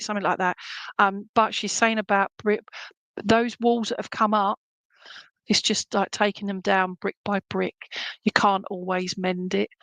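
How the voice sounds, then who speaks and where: A woman's voice: mid-range voice, fairly bright tone, dry recording, low-quality recording. A middle-aged woman serving as a spiritualist medium, giving rambling, affectionate clairvoyant readings at an online church service, with many fillers and restarts.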